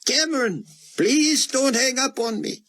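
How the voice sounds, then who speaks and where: A man voicing an elderly male scholar who pleads anxiously in a high, urgent voice. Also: a little slow, fairly bright tone, poor audio. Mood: pleading, anxious.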